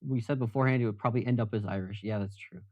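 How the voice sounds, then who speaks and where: A man's voice: lowish voice, fairly even intonation, very fast, no echo, highs cut off. A man casually chatting with viewers on a live stream, rambling and self-deprecating.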